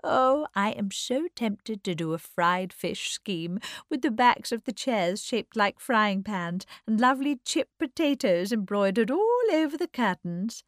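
A woman's voice: mid-range voice, sing-song, a little slow, few pauses, dry recording, clean studio sound. A woman reading an audiobook, voicing a chattering, theatrical society woman with an affected drawl. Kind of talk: audiobook character voice.

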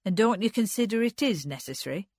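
A woman reading a slow, stubborn young farming man who talks in a broad rural dialect. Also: medium pitch, lively intonation, darkish tone, no room sound, studio quality, voice pushed up.

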